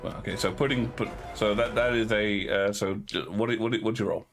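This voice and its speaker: A man's voice: on the low side, fairly quick, vocal fry, faint music behind. A man running a tabletop game as dungeon master, talking with many fillers and restarts.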